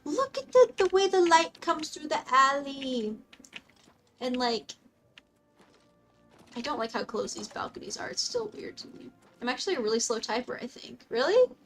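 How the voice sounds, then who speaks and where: A young woman streaming a game, chatting casually with her viewers in a bubbly, excitable way, often breaking off to talk to her dog. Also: high voice, normal speed, long pauses, soft background music. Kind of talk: casual live-stream chat reading comments. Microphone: desk mic, dog close by.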